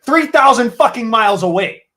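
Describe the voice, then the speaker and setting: A man's voice: very high voice, expressive, normal speed, pushed and bright. A man, delivering a heated, profanity-filled rant to camera while cooking. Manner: heated, swearing constantly. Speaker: vlogger.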